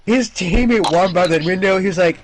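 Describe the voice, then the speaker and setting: Male channel host, slightly higher voice, animated and chuckly, recounting a game match with lots of restarts. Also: moderate pace, slight background noise. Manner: animated, chuckling, repeats and restarts mid-sentence. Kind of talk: casual storytelling about a video game match.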